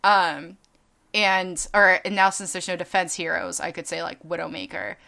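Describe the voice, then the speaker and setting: A young woman casually telling a story on a podcast, animated and quick to act out other people's voices. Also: lowish voice, gravelly. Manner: animated, acts out quoted people, laughs often, swears casually. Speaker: podcast co-host.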